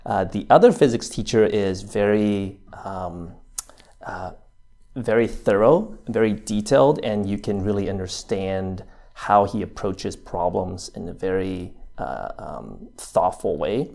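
Guest, male, 30s, American accent; low, gravelly voice, hesitant delivery full of ums. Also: a little slow, warm tone. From New Zealand. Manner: hesitant, lots of fillers and restarts. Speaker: interview guest. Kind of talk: casual interview.

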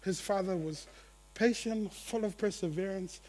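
A man preaching a sermon to his church, animated, acting out the voices of the people in his story. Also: high-pitched, measured pace. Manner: animated, acts out quotes, laughs at own jokes. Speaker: pastor.

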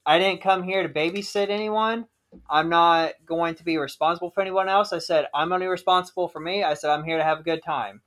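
A man's voice: fairly high pitch, steady tone, brisk, fairly bright tone. A man co-hosting a podcast, telling stories in casual chat and swearing freely. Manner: chatty storytelling, swears freely. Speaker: podcast co-host.

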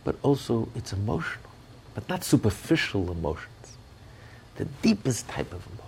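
A man's voice: on the low side, sing-song, normal speed, a little mellow, a little hiss or hum. A man giving an impassioned sermon as a rabbi, often restarting his words as he searches for them.

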